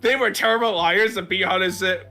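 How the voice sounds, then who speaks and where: Bright-voiced man rambling through a recap. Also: sits high, brisk, gravelly, soft background music. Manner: rambling recap with frequent "uh" and restarts. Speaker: podcast host. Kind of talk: casual podcast chat, recapping a game story.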